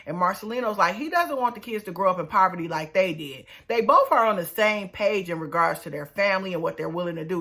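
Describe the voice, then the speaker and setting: A woman giving a casual, animated review of a reality TV episode, talking in a colloquial, exclaiming way. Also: on the low side, fast, few pauses. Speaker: reality TV recap vlogger.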